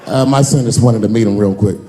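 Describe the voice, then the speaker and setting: Forties guy doing standup on a big stage, slow drawl, pops into squeaky voices for people in the story, a bit of hiss behind. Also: mellow, a faint crowd. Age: 40s. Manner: drawling storyteller, jumps into high-pitched voices for characters. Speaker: stand-up comedian. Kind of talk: stand-up comedy set. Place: large theater stage with a live audience.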